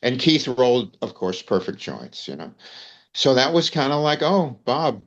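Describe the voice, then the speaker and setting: In a lo-fi recording, an older New York-accented man from the United States tells loose, rambling stories as an interview guest, peppered with "you know" and "man." He speaks at medium pitch and a moderate pace, and he is very animated.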